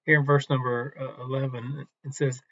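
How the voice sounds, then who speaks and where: A man teaching from the Bible in a relaxed, conversational devotional talk, unhurried and with some restarts. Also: mid-range voice, lo-fi sound.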